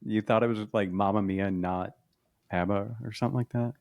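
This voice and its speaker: An easygoing man hosts a casual podcast chat, laughing along and backing up his guest. His voice sits on the low side and is recorded close and dry. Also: fairly even intonation, fairly quick, a little mellow, no room sound. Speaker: podcast host.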